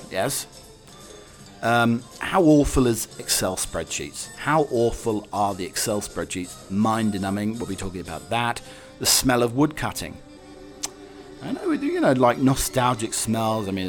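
A man hosting a podcast, chatting on his own in a rambling, jokey way full of meandering asides. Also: lowish voice. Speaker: podcast host. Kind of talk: casual solo monologue.

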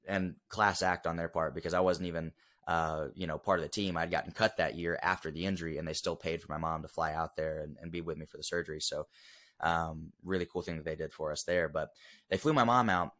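Deep-voiced young man telling an earnest story. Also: fairly bright tone. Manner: earnest, emotional storytelling with frequent fillers. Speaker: podcast guest. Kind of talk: casual storytelling interview.

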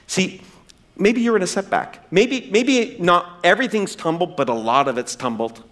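Man, pastor, sermon, slightly high voice, very expressive pitch, loud-to-hushed delivery. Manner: dramatic swings from loud emphasis to hushed, drawn-out words; acts out quoted dialogue in raised voice. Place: church.

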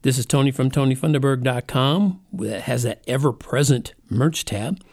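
His voice is mid-range, creaky and a little mellow, at normal speed. The middle-aged man, host of his own podcast, delivers a rambling, self-deprecating casual monologue in a conversational tone.

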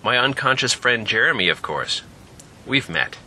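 A man's voice: mid-range voice, sing-song, moderate pace, pushed and bright, slight background noise. A man doing a dry, sarcastic young man. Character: sardonic, bewildered young man.

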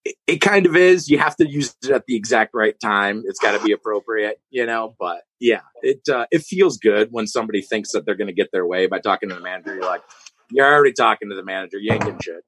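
A man hosting a podcast, telling animated, profane stories in casual chat. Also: on the low side, fast, breathy edge, no room sound, rough recording. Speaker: podcast host.

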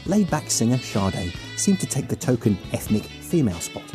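A man's voice: medium pitch, big pitch swings, normal speed. A man hosting a podcast, mixing casual chat with wry, opinionated scripted narration. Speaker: podcast host. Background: music.

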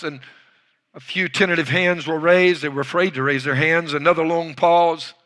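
A man preaching with a bright, ringing tone and a slightly high voice. He tells his story dramatically, swinging between loud bursts and near-hushed lines. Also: steady tone, moderate pace. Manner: dramatic retelling with acted quotes, loud bursts and hushed drops. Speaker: pastor. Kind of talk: sermon storytelling.

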